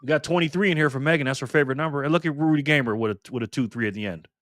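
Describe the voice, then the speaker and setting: A man's voice: medium pitch, very fast, fairly bright tone, no room sound, studio quality. A man hosting a casual live stream, cheerfully greeting viewers by name and chatting as he spins a prize wheel.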